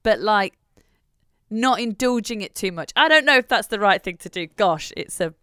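A woman's voice: medium pitch, animated, normal speed, bright, forceful tone, smooth, no echo, clean studio sound. A woman in her thirties co-hosting a podcast, talking through parenting in a thoughtful, self-questioning way. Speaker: podcast co-host. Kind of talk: casual chat.

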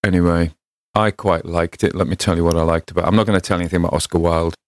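A middle-aged man, host of a storytelling podcast, reading a classic novel aloud and chatting in an unhurried, wry way. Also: sits low, steady tone, no echo, clean studio sound.

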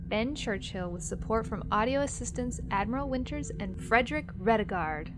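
A woman's voice: on the high side, lively intonation, moderate pace. A woman co-hosting a podcast, reading promos and credits in a playful, chatty way. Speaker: podcast co-host.

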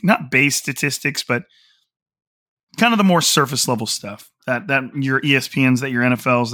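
A man hosts a casual podcast with a hoarse, strained voice. His tone is bright and forceful even as he rambles through restarts and fillers. The recording is close and dry, with no room sound. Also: medium pitch, no room sound. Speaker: podcast host. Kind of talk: casual solo podcast talk.

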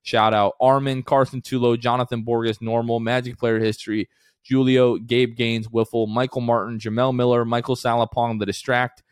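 A man's voice: medium pitch, flat delivery, moderate pace, clear, resonant tone, dry recording, studio quality. A man co-hosting a casual sports podcast, talking in an upbeat, rambling way with many fillers. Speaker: podcast co-host.

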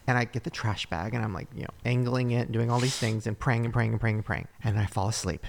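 A man's voice: mid-range voice, fast, gravelly, few pauses, big-room sound, a little hiss or hum. A man hosting a casual podcast, telling a story with energy and acting out the voices of the people in it, laughing often. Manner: animated storyteller who acts out other voices and laughs often. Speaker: podcast host.

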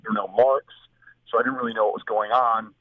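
A man's voice: lowish voice, steady tone, brisk, no echo. Man telling a story over a tinny phone line. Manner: rambling anecdote with acted quotes. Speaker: guest. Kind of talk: casual storytelling.

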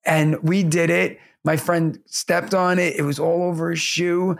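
A man co-hosting a podcast, chatting casually and laughing through animated stories about his students and kids. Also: a little high, a little slow, vocal fry. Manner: laughing storyteller, animated anecdotes. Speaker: podcast co-host. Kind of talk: casual chat.

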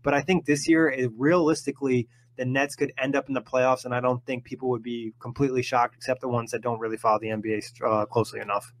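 A young man hosting a casual sports podcast, eager and quick to laugh. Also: mid-range voice, steady tone, no room sound. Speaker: podcast host.

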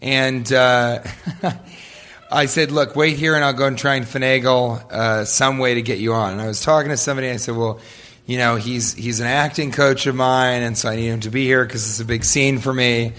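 A man's voice: mid-range voice, fairly even intonation, moderate pace, fairly bright tone. A man answering audience questions in a loose, joking way, often laughing as he tells stories. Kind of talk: live audience Q&A storytelling.

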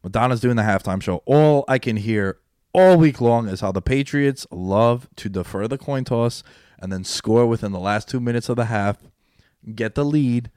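A young man in casual sports chat, telling animated stories that jump from loud bursts to low mutters. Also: moderate pace, smooth, dry recording, studio quality.

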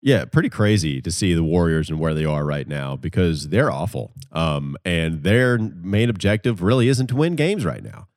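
A man hosting a sports podcast, relaxed and steering the conversation with questions and quick recaps. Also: sits low, dry recording, studio quality. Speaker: podcast host. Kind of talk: casual sports podcast chat.

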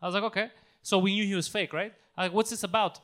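A man's voice: sits high, quick pace. A man chatting casually and telling a story, acting out the voices with lots of laughter. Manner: animated storyteller, acts out voices, laughs often.

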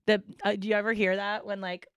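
Woman, podcast co-host, smooth clear voice, blunt and profane, dry sound. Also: mid-range voice, level tone, fast talker, dry recording. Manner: blunt, profane, emphatic retelling. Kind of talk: casual chat.

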